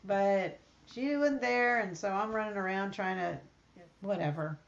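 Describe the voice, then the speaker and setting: A woman's voice: mid-range voice, measured pace, creaky, slight background noise. Chatty woman with lo-fi sound. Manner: chatty storyteller, acts out quoted exchanges. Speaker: podcast co-host. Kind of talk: casual chat. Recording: slightly dull lo-fi sound.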